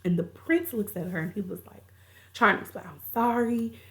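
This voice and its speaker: A woman's voice: on the low side, big pitch swings, brisk, pushed and bright. Chatty woman recapping a movie plot. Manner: chatty, colloquial storytelling. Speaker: movie reviewer.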